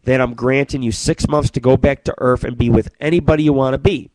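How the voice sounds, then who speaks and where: A man voicing Saint Peter, an elderly gatekeeper of heaven, explaining calmly and kindly in a dry, close recording. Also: medium pitch, brisk, no echo, natural voice, low-quality recording. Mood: gently explaining.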